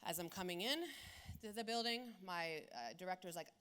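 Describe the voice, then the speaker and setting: Woman, 40s, keynote storyteller, bright forceful tone, punchy and profane. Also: fairly low pitch, fairly quick, clean tone. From South Philadelphia. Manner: animated, blunt and profane. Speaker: keynote speaker.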